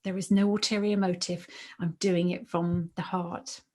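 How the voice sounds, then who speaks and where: A woman's voice: on the low side, flat delivery, normal speed, warm tone. A British woman in her late forties, a podcast host and former teacher, telling stories in an earnest, emotional way and repeating herself for emphasis. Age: 40s. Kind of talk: podcast interview storytelling.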